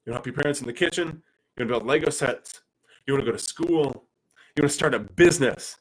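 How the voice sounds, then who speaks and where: A man, telling personal stories as a father in an animated way, with frequent restarts. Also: medium pitch, quick pace, breathy edge, low-quality recording. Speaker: speaker and father. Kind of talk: personal storytelling talk.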